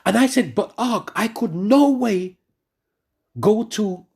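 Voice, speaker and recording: A man giving a spoken religious testimony to his congregation, telling his story in an animated way with many asides and restarts. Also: high voice, slow, creaky, breathy edge. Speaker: church member giving testimony.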